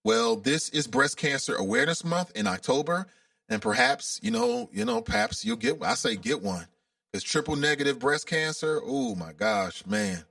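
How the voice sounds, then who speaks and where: A man's voice: fairly high pitch, sing-song, normal speed, vocal fry, bright, forceful tone, dry recording, studio quality, distant mic. A man from Cincinnati hosting a casual call-in radio talk show, chatty and openly emotional. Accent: Cincinnati, Ohio.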